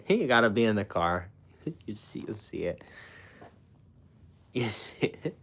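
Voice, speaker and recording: A man's voice: lowish voice, big pitch swings, slow, a bit bright. A man hosting a food channel, chatting casually with viewers in a rambling, profane way, with frequent laughs and fillers. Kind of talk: casual live-stream chat with viewers.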